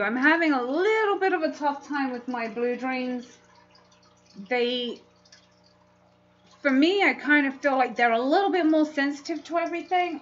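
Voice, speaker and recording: Woman streamer, unhurried chatty delivery, slightly higher voice, dull lo-fi audio with faint hiss. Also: fairly bright tone. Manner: chatty, laughs often, reads chat aloud. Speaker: livestream host. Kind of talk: casual livestream chat.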